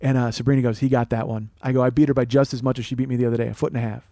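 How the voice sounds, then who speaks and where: A man hosting a podcast, telling a comic personal story in a profane, animated, self-mocking way. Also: mid-range voice, rapid-fire, no echo. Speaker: podcast host. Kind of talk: comedic storytelling monologue.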